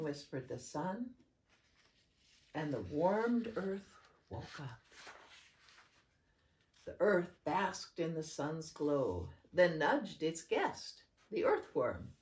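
Slow, sing-song woman reading to children. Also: big pitch swings. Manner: sing-song storytelling, jumping high for quoted lines. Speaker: children's program facilitator. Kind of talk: reading picture books aloud to children.

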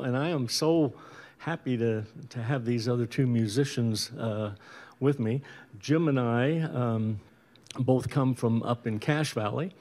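This is easygoing stage banter from a middle-aged Utah man who leads the band and plays guitar, introducing a concert indoors between songs. He rambles with frequent pauses and restarts in a darkish, mid-range voice.

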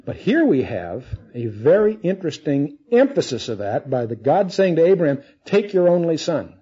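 Mellow-voiced man teaching the Bible. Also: fairly high pitch, very animated, moderate pace, slightly rough. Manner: conversational, asks the audience questions. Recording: dull lo-fi recording.

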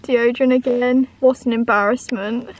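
A woman's voice: fairly high pitch, steady tone, normal speed, muffled recording. A woman teasing and making sarcastic jokes while standing by a car outdoors.

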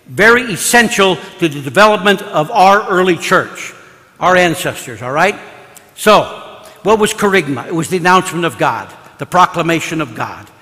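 A man who is a priest, preaching a parish mission sermon in an animated, storytelling way, acting out the people he quotes. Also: fairly high pitch. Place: church. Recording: echoey church broadcast.

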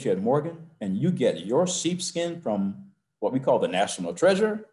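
A mid-range voice with big swings in pitch and a darkish tone comes from an older man, a university president, on a video call from his office. His heartfelt personal story unfolds slowly and emotionally, then rises to rousing emphasis.

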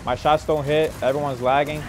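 A young man giving live commentary over his own gameplay, grumbling, swearing at teammates and putting himself down, with mumbled asides that break into sudden shouts. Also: a little high, flat delivery, brisk, faint music behind. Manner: frustrated, self-deprecating, swears and mutters at teammates. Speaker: gaming YouTuber.

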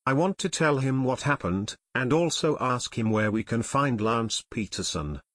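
A man's voice: medium pitch, animated, normal speed, a bit bright, no room sound. A man voicing an earnest young detective. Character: eager young male amateur detective.

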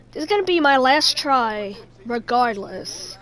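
A woman's voice: high-pitched, normal speed, a bit bright, soft background music. A young woman giving live commentary while playing a video game, chatting with viewers and swearing in frustration.

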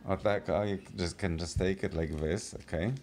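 A woman's voice: extremely low pitch, fairly even intonation, moderate pace, a little mellow, a little hiss or hum. A woman hosting a casual family video, asking the children upbeat, coaxing questions. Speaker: family vlog host.

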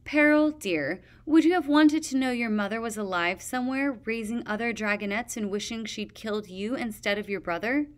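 A woman's voice: a little high, normal speed, hardly any pauses, lightly acted. A woman voicing a vain, cruel female dragon queen who talks in a bored, mocking, imperious way. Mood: coaxing.

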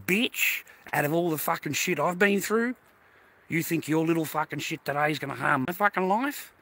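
Swearing constantly as he walks outside, a man rants indignantly into the camera for his viewers. His fairly high voice sounds pushed and bright, and he keeps a moderate pace.

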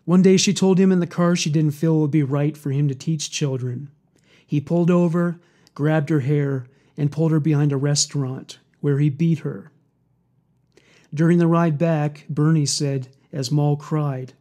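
A man with a fairly high but mellow voice reads a dark true story aloud. His delivery is steady and measured, with a quiet intensity. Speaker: narrator. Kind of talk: scripted true-crime narration.

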